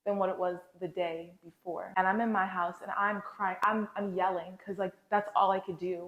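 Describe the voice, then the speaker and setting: A woman's voice: mid-range voice, fairly even intonation, moderate pace, few pauses, a bit bright. A woman vlogger telling a candid, casual, heartfelt faith story to her viewers. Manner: casual, slangy, heartfelt and confessional. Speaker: lifestyle vlogger. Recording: roomy echo.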